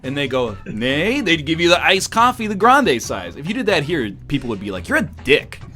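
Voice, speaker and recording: A man's voice: on the high side, fairly quick, soft background music. A man from Canada telling stories and joking with friends during a live game stream. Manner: animated storytelling, laughs often. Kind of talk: casual game-stream banter.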